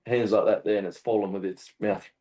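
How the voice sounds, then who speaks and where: A man with an Australian accent, a hunting guest telling a story in casual chat, animated and swearing often. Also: lowish voice, fairly quick, a little hiss or hum. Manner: animated, swears often, acts out shouted quotes. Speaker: guest hunter.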